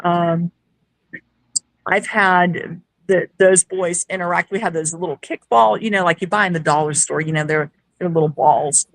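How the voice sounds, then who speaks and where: A woman's voice: on the low side, moderate pace, no room sound, poor audio. A woman guest who is a paranormal investigator, telling a story casually and acting out quoted dialogue. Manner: lively, acts out quoted dialogue.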